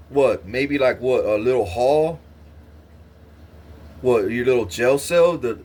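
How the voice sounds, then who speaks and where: A man's voice: mid-range voice, takes it slowly. A man ranting to camera, threatening and boasting in a profane, swaggering way, often stuttering on restarts. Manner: repeats himself with stuttered restarts. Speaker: vlogger. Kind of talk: angry boastful rant to camera.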